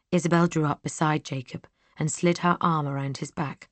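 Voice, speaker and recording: A woman narrating a first-person audiobook in a measured, even storytelling manner. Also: low-pitched, no room sound.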